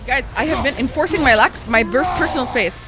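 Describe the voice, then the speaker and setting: A woman's voice: high-pitched, animated, quick pace, loud music behind the voice. A young woman streaming a game live, stressed, swearing and chatting with her viewers. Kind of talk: live gameplay commentary.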